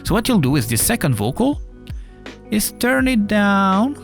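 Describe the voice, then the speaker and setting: A man's voice: high-pitched, sing-song, measured pace, creaky, soft background music. Casual tutorial guy with an accent. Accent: non-native English accent. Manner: casual, explanatory, with filler uhs. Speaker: music production tutor. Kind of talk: screen-recorded software tutorial. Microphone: desktop USB mic.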